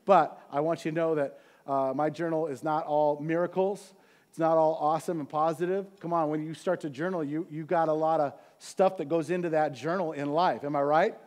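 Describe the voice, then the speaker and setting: A man's voice: on the high side, a little fast. A middle-aged man preaching to his congregation, talking casually and asking them questions along the way. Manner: conversational, animated preaching with asides to the congregation. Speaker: pastor. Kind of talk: sermon.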